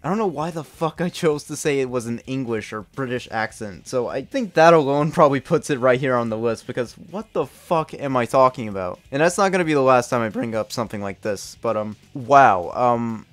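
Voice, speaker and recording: A man's voice: medium pitch, brisk, few pauses, no room sound. Give me a candid, self-critical young man reviewer who swears freely, with faint music playing underneath. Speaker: video game reviewer. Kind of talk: casual retrospective commentary.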